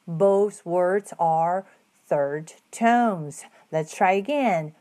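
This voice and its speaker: A woman teaching a Mandarin lesson, modeling each tone with exaggerated pitch swoops. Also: very slow, mellow. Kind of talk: slow, patient language lesson.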